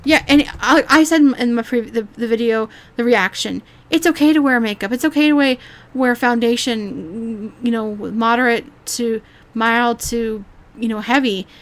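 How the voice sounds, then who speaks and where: A woman's voice: fairly high pitch, moderate pace. A woman YouTuber giving a rambling, exasperated reaction commentary, swearing freely and restarting her sentences often.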